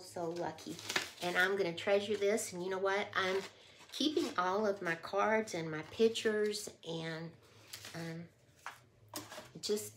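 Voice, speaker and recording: A woman's voice: on the low side, a little hiss or hum. A woman vlogger chatting casually to camera, heartfelt and emotional, often trailing off mid-thought. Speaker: haul vlogger.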